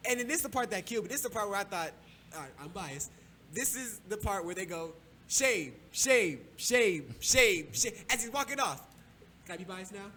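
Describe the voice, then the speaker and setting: A man's voice: high voice, expressive, fast, sharp tone, a little hiss or hum. A man hosting a casual podcast, telling a story in a loose, profane way and laughing often. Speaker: podcast host.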